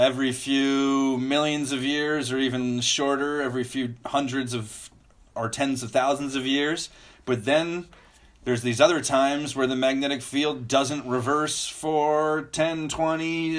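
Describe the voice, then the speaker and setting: A man explaining the reversals of the magnetic field as a guest, in measured and clear sentences. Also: mid-range voice, flat delivery, a bit bright. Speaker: geophysicist guest. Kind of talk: explanatory conversation.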